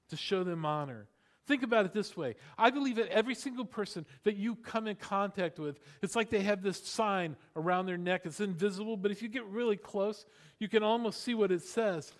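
Man, high voice, pastor preaching, chatty asides, rhetorical questions, laughs at own jokes. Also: moderate pace. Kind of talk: sermon.

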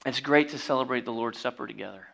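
A man preaching a sermon, reading scripture and breaking into jokey asides and loud exclamations. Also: mid-range voice, fast talker, creaky. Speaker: pastor.

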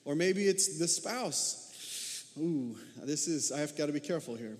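A man delivers a sermon in a fairly high voice. He preaches in a conversational way and keeps turning to the congregation with rhetorical questions. His voice carries a long reverb, as in a large hall. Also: animated, measured pace. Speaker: pastor.

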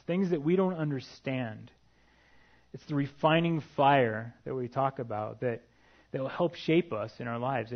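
Male preacher, mid-pitched, earnest sermon delivery, dull lo-fi recording. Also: gravelly. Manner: earnest, reads scripture aloud, light asides.

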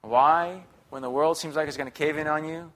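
Young guy preaching, chatty and upbeat, kinda high bright voice. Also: fairly even intonation, normal speed, a little hiss or hum. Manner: conversational, upbeat, chatty with the congregation. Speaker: guest preacher. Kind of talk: sermon.

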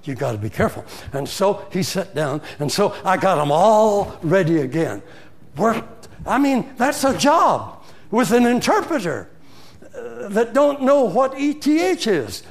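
An older man preaching a sermon, telling a story with animated swings from loud to hushed. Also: high voice, unhurried, gravelly.

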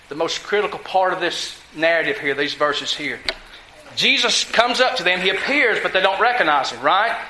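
A man's voice: sits high, pushed and bright, echoey room, a little hiss or hum, rough recording. A man teaching a sermon on a Bible passage, reading verses aloud and talking to the room in a conversational way. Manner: conversational, checks in with listeners; reads scripture aloud. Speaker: preacher.

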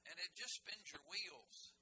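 A man's voice: sits high, a little slow, background noise. A man preaching a sermon as pastor, in a folksy, conversational way with humorous asides and frequent restarts.

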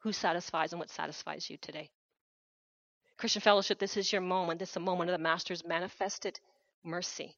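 A woman's voice: on the low side, fairly even intonation, a little fast, a bit bright, dry recording, muffled recording. Earnest woman preaching a missionary sermon. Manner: earnest, urgent appeal with repeated phrases. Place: church hall.

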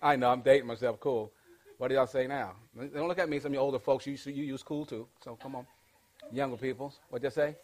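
A man teaching a leadership class, energetic and interactive, calling out questions and pushing the audience to answer back. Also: mid-range voice, fairly quick, slight background noise. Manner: energetic, call-and-response with the audience.

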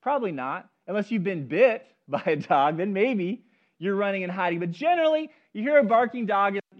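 A man's voice: high voice, expressive, brisk, muffled recording. A man preaching a sermon, telling stories and speaking directly to the congregation and its children. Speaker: pastor. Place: church service.

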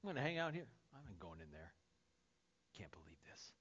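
A man doing a sulking older brother, muttering low. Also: big pitch swings, a little fast, fairly bright tone, slightly rough, heavily acted. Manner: muttering low, angry, half-whispered. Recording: dull lo-fi sermon recording.

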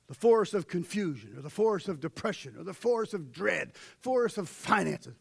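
Man, preacher, very high voice, dry close sound, shouting and hushed sermon. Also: very animated, brisk, vocal fry, few pauses, slightly rough, dry recording. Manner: preaching with sudden shouted peaks and hushed drops.

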